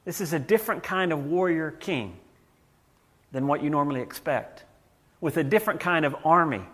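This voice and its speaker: A man's voice: a little high, moderate pace, a bit bright, husky. Conversational male pastor preaching a sermon. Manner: conversational preaching with frequent repeated words and restarts.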